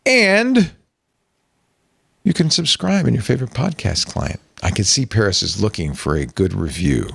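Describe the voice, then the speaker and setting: Gravelly, lively man hosting a podcast. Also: lowish voice, normal speed, dry recording, clean studio sound. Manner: jokey, chatty, plugs the show. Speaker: podcast host. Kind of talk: casual podcast chat.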